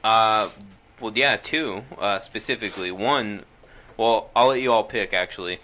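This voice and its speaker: Low-voiced young man, hesitant storyteller. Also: unhurried, bright, forceful tone. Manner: hesitant, many fillers and restarts before a story. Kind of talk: casual storytelling chat.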